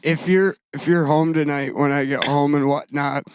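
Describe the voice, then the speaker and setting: A man co-hosting a casual podcast chat, rambling and trading crude deadpan jokes. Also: on the high side, moderate pace, background noise. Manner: rambling, self-interrupting. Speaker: podcast co-host.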